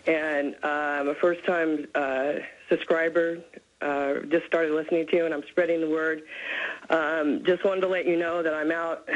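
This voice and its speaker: A woman's voice: deep voice, highs cut off. A woman from California calling into a radio show, eager and a little nervous, with many fillers. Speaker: caller. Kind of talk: phone-in call to a radio show.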